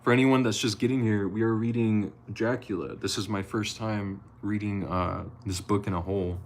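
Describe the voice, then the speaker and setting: A man's voice: fairly low pitch, steady tone, normal speed. A man reading a novel aloud on a live stream, chatting loosely with viewers, swearing casually and slipping over words.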